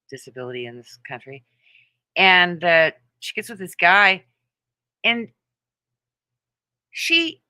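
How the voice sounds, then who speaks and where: Woman host, bright voice, mocking profane livestream rant. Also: medium pitch, low-quality recording. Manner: profane, mocking, laughs often. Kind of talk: casual ranting livestream chat.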